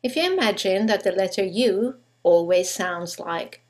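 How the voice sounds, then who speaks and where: A female English teacher delivers a scripted pronunciation lesson, slow and deliberate, stressing each example word with care. Her medium-pitched voice is expressive.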